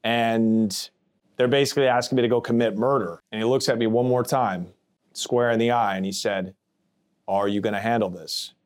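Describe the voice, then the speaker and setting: A man's voice: mid-range voice, fairly even intonation, moderate pace. Blunt man telling a prison story. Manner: blunt, plainspoken, casual with swearing; acts out others' voices in quotes. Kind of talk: first-person storytelling podcast.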